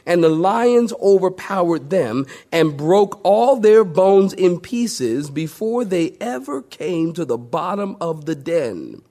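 A male pastor preaching a sermon to a congregation, swinging between loud emphatic highs and hushed lows and calling for amens. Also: very animated, takes it slowly. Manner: call-and-response with the congregation.

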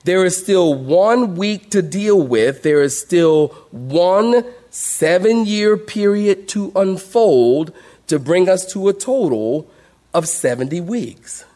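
A middle-aged male pastor delivering an emphatic sermon. His voice sits a little high for a man, and it surges into loud declarations and then drops low and quiet as he speaks to the congregation. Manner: emphatic preaching, rising and dropping sharply, addressing the congregation.

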